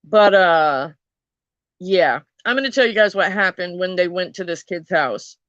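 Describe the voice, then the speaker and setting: Woman, casual true crime storyteller, bright voice, dry and slightly dull recording. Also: lowish voice, unhurried, no echo. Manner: chatty, swears freely, laughs at the story.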